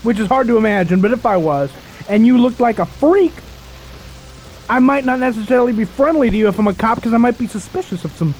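A man's voice: extremely high pitch, lively intonation, fast talker, darkish tone, poor audio. A man co-hosting a casual radio talk show, brash, mocking and opinionated.

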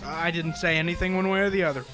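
A man co-hosting a comic call-in radio show, teasing callers with quick comebacks. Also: on the high side, steady tone, over music. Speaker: radio co-host.

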